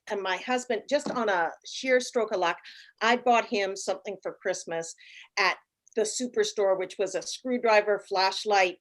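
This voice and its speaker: A woman in her late fifties casually telling a travel story, animated, acting out the voices of the people in it. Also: mid-range voice. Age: 50s. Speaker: guest.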